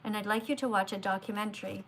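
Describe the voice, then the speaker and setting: A woman's voice: mid-range voice, fairly even intonation, quick pace, a little hiss or hum. A woman hosting a livestream, talking earnestly to a guest and to viewers, emphatic and lecturing, recorded on a phone. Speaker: livestream host. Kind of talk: live-stream talk to viewers.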